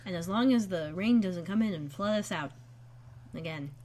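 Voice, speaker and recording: A woman's voice: on the low side, animated, normal speed, darkish tone. A woman co-hosting a podcast in casual chat from a home room, giggly and prone to playful tangents. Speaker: podcast co-host. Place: home room being moved out of.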